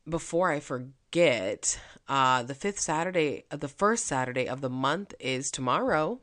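A woman with an extremely low-pitched voice, a host and mentor, delivers a chatty, energetic motivational talk in quick bursts of speech.

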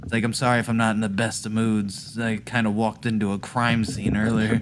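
A man's voice: on the low side, level tone, a little fast, heavy background noise. A man playing a tabletop game, crude and laughing as he describes his character. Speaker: player. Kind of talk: tabletop role-play chat.

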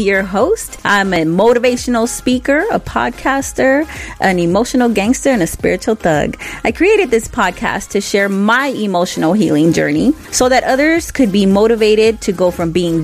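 A woman hosts a podcast with a middle-range voice. She talks in a playful, slangy way and chats easily with her guests. Her delivery is relaxed and loose. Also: medium pitch, normal speed, soft background music. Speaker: podcast host. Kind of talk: casual podcast chat.

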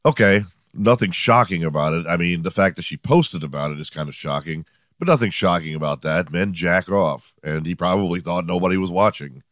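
Low-voiced man ranting sarcastically. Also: a little fast, a bit bright, no room sound, clean studio sound. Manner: profane, sarcastic storytelling. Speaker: podcast host. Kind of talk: casual comedic monologue. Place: home room.

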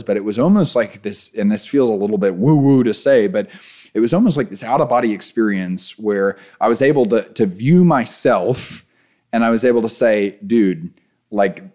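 Man telling an animated personal story. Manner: animated, voice rising as he relives panic, then calm and low. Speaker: endurance athlete telling a race story. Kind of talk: casual storytelling.

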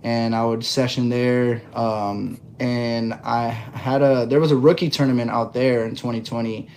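A man guesting on a podcast, telling his story in a relaxed way with lots of fillers. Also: medium pitch, unhurried, a little hiss or hum. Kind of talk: casual interview chat.

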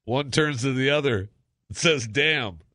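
A man's voice: lowish voice, normal speed, dry recording, studio quality. A man hosting a talk radio show, joking around in a casual monologue with lots of fillers. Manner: jokey, animated, lots of fillers. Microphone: studio microphone.

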